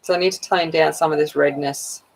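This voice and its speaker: A woman's voice: sits low, steady tone, fairly quick, gravelly, low-quality recording. A woman with a broad Australian accent, chatting casually and rambling while she colours on a livestream. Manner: chatty, rambling, self-mocking.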